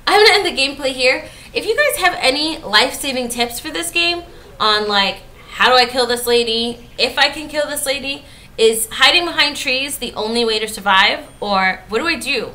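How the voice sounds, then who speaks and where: A woman giving jumpy, talkative let's-play commentary, often yelling at the game. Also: high voice. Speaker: gaming YouTuber.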